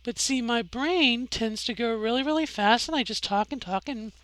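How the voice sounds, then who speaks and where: A woman's voice: on the high side, normal speed, fairly bright tone, no echo. A middle-aged woman talking through her voice training in a casual video diary, rambling and correcting herself as she goes. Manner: rambling, self-correcting, demonstrating her own voice. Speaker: vlogger.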